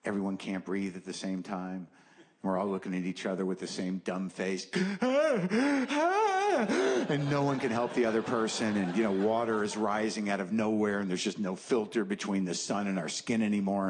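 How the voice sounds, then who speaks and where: A middle-aged man doing stand-up, sardonic and profane, dropping low and then bursting into mock shouting. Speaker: stand-up comedian. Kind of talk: stand-up storytelling. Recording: noisy live club recording with audience. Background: audience laughter.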